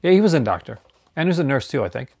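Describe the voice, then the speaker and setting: A man's voice: mid-range voice, very animated, very fast, vocal fry, a little mellow. A man from Newfoundland, Canada, chatting casually on a live stream and rambling through restarts and fillers.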